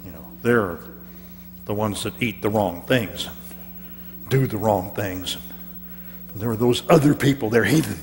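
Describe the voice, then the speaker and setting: A man's voice: lowish voice, measured pace, long pauses. A man preaching a first-person character sermon in a church, telling the story in a theatrical, chatty way with stammered repeats. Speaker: pastor. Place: church hall. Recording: church hall reverb with faint hum.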